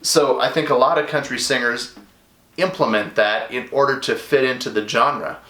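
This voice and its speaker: A man's voice: medium pitch, steady tone, normal speed, pushed and bright, reverberant. A man teaching a recorded music lesson to his students in a casual, chatty way, full of asides and fillers.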